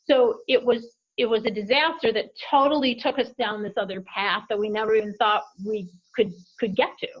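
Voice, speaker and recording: A woman's voice: fairly high pitch, a little fast, few pauses, breathy edge. A woman running an apparel company, telling business stories in a conversational interview and acting out quoted voices along the way. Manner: animated anecdotes with lively quoted voices. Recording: dull lo-fi audio.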